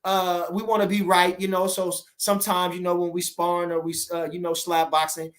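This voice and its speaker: A man from the boxing world chatting casually with viewers on a livestream, rambling and animated, often checking that listeners understand him. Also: sits high, a little fast. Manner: rambling, animated, keeps asking "you understand?".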